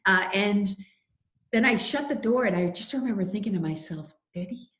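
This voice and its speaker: A woman's voice: medium pitch, animated, moderate pace, fairly bright tone. A middle-aged woman telling heartfelt personal stories as a podcast guest, earnest and full of fillers. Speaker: guest, faith leader and anti-trafficking advocate. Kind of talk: podcast interview, storytelling. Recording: roomy echo.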